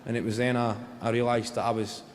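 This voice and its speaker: Sweary stand-up comedian. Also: male voice, medium pitch, quick pace, in a large hall, a little hiss or hum. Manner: deadpan, sweary, rambling asides. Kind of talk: stand-up storytelling. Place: live comedy venue.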